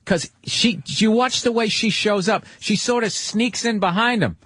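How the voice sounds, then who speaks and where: A man's voice: high voice, measured pace, a bit bright, dry recording. A man on a studio microphone, ranting emphatically in casual radio chat, swearing often. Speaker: guest comedian.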